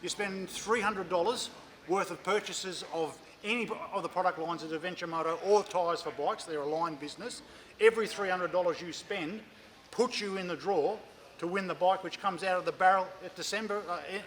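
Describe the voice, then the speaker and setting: High-voiced chatty Australian man. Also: brisk, a bit bright. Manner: chatty, jokey, tags lines with "mate" and "isn't it". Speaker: motorcycle magazine editor. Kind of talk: casual on-location banter. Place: motorcycle dealership.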